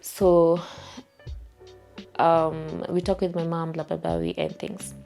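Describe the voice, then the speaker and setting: A woman's voice: deep voice, flat delivery, slow pace, creaky, dark tone, soft background music. A young woman with a Kenyan accent, telling a storytime vlog from her home in a chatty, repetitive way. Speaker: vlogger. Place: her home while packing to move.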